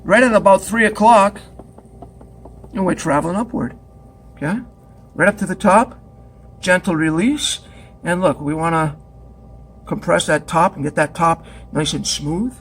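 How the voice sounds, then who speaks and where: A man's voice: high-pitched, measured pace, long pauses, a bit bright, slight background noise. A man teaching pottery at the wheel in a studio, chatty and joking as he demonstrates step by step.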